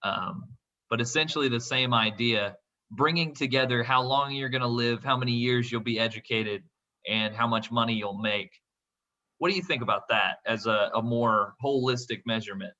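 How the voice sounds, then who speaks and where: Bright-voiced male podcast host. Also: medium pitch, normal speed, highs cut off. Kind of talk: casual economics discussion.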